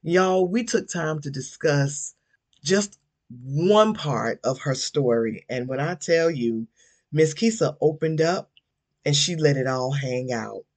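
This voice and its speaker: A deep, slightly mellow female voice belongs to a podcast host from Georgia, USA. She chats casually yet emphatically with her audience, drawing out her words and saying "y'all."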